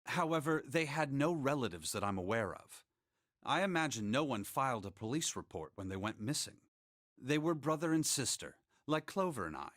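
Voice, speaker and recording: An actor playing a calm, formal young nobleman in a game who speaks politely and in measured phrases. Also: medium pitch. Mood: grave.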